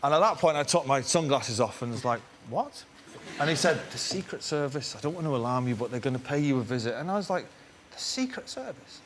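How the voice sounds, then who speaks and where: A man's voice: on the high side, fairly bright tone. Wry understated man from England. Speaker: chat show guest. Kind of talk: anecdote on a chat show. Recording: noisy background behind the voice.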